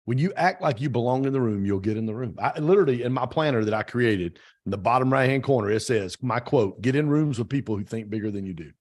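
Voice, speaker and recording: A man hosting a podcast talks at a brisk clip, his voice a little husky. He tells stories with punchy, repeated phrases. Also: mid-range voice, lively intonation. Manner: fast, emphatic storytelling with repeated phrases. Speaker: podcast host. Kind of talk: casual interview chat.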